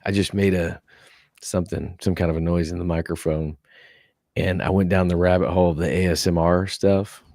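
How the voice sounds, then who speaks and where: Man, gravelly low voice, slow easygoing podcast chat, dry sound. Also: no echo. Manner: relaxed, laughs easily. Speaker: podcast co-host. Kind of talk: casual banter.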